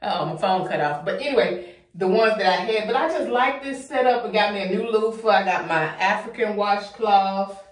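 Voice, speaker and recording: This is a young home organization vlogger talking to her audience from the bathroom at a normal speed, gushing and a bit out of breath. The mic is far away, so her medium-pitched voice bounces off the echoey walls.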